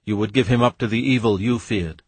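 A man voicing an ancient, commanding spirit, speaking slowly and solemnly. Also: on the low side, darkish tone, breathy edge, no echo. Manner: slow, solemn, measured.

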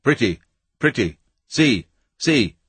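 A man's voice: medium pitch, sing-song, slow pace, husky, dry recording, exaggerated voice. A man voicing a pompous, blustering male scientist who barks broken pidgin at the locals in a storybook reading. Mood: shouting. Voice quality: loud, barking, condescending.

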